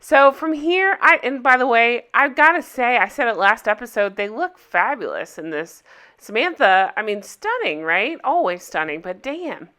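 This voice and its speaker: A gossipy woman talking through a movie recap, her voice bright and crisp. She chats casually, tosses in opinions and asides, and sits a little high in pitch. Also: big pitch swings, normal speed. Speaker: recap host.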